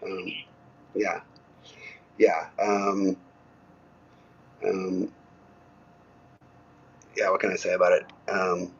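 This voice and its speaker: Husky low-voiced musician, halting and easygoing. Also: male voice, flat delivery, muffled recording. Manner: halting, lots of ums, easygoing. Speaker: musician guest. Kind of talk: casual interview talk.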